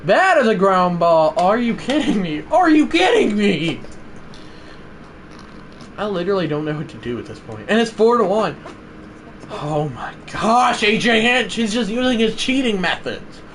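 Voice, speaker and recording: An excitable young man livestreaming a ball game, his fairly high voice leaping around as he shouts at big plays and then drops to a mutter. Faint room noise sits under his talk. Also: measured pace. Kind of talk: live gameplay commentary.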